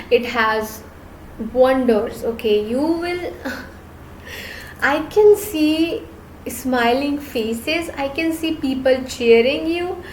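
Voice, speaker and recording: A woman's voice: a little high, reverberant, a little hiss or hum, low-quality recording. A woman giving an earnest, reassuring tarot reading to her viewers, often repeating phrases. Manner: earnest, reassuring, repeats herself, gets emotional. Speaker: tarot reader.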